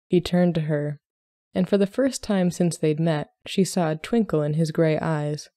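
A woman narrates a short story in measured, scripted storytelling. Her voice is lowish and mellow. The recording is close and very dry, with no room sound. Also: fairly even intonation, no echo. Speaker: podcast host reading a story.

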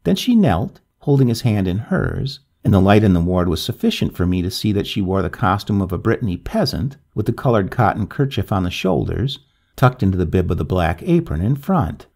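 Gravelly low-voiced male storyteller. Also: big pitch swings, a little fast, darkish tone. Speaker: narrator. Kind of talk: scripted story narration.

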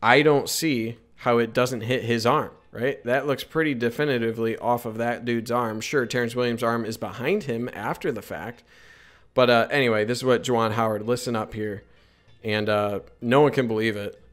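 Chill dude doing a voice-over breakdown of hoops highlights, medium voice, chatty, lots of "right?". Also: male voice, fairly even intonation, moderate pace. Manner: chatty, keeps adding "right?" to his points. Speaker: basketball highlights commentator. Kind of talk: casual voice-over game breakdown.

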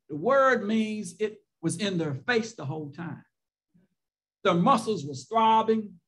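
A man's voice: high-pitched, a bit bright. A man preaching a sermon as pastor, building his points with rhetorical questions and repeated phrases, sometimes stretching words out for emphasis.

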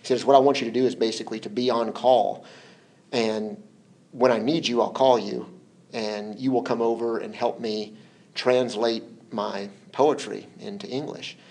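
A man as an interview guest, telling stories in a relaxed, hesitant way, repeating words and laughing often. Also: medium pitch, normal speed. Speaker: interview guest, former translation collaborator. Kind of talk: relaxed conversational storytelling.

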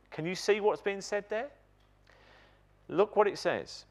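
A man preaching a sermon in a church, emphatic and animated, putting questions to the congregation. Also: on the high side.

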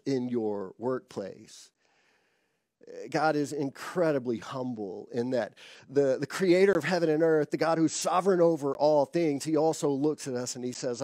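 A man's voice: medium pitch, mellow, no room sound, clean studio sound. A man preaching a conversational sermon, laughing now and then and acting out quoted dialogue. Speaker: pastor.

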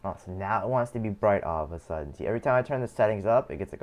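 A man's voice: fairly low pitch, lively intonation, rapid-fire, a little mellow. A man casually streaming a card game, swearing often and rambling in complaint. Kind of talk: casual live-stream commentary while gaming.

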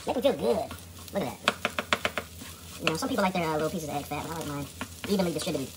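In his home kitchen, a man hosts a laid-back cooking vlog, his high-pitched voice animated and racing yet broken by frequent pauses. Heavy background noise fills the clip while he cracks jokes and speaks right to his viewers during the demo.

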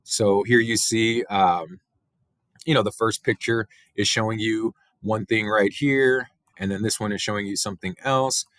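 A male teacher giving a relaxed biology lecture, talking through slides with many fillers and "right?" tags. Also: on the low side, a little slow, no echo. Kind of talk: recorded classroom lecture.

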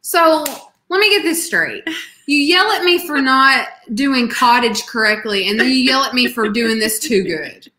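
A woman co-hosting a casual live stream, making dry, deadpan comebacks. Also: high voice, measured pace. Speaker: co-host. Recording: clear background noise on the stream.

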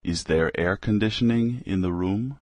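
A man slowly reading short practice phrases aloud for a language lesson, one at a time with pauses. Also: deep voice, a little mellow, no room sound.

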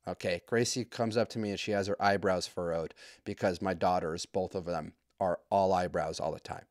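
A man hosting a podcast, telling a comedic story in a profane, rambling, joking way with quick asides. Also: low voice, steady tone, dry recording, studio quality. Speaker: podcast host.

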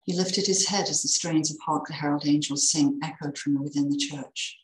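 A woman reading a Christmas story aloud in a measured, expressive way. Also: low voice, roomy sound, poor audio.

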